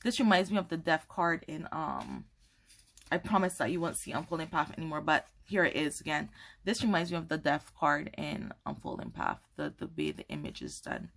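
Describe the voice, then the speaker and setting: Bright, lively woman vlogger, gushes and laughs while she unboxes, talking straight to camera. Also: low voice, normal speed. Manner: gushing, excitable, apologetic, laughs often. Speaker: tarot content creator. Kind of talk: casual unboxing chat to camera. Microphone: camera mic, holding cards up to camera.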